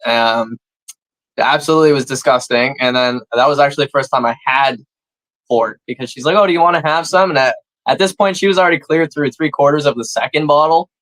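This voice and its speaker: A man's voice: a little high, fairly quick, fairly bright tone, no echo, poor audio. A man on a comedy podcast, telling stories in a laid-back way with casual swearing. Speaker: podcast co-host.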